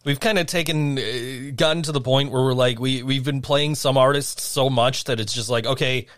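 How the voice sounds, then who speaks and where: A man's voice: mid-range voice, fairly even intonation, moderate pace, no echo, clean studio sound. A man co-hosting a casual radio chat, easygoing, with stammering restarts and chuckles. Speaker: radio show co-host.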